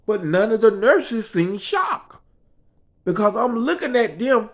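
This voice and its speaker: A man's voice: high-pitched, animated, a little slow. A man casually telling a rambling story about his hospital stay, talking as a patient and often asking "you know what I mean". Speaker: vlogger telling a personal story. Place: hospital room. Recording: dull lo-fi sound.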